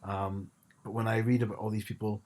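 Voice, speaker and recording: A man's voice: fairly low pitch, level tone, a little fast, darkish tone. A man co-hosting a podcast in casual chat, rambling with frequent restarts and a wry tone. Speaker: podcast co-host.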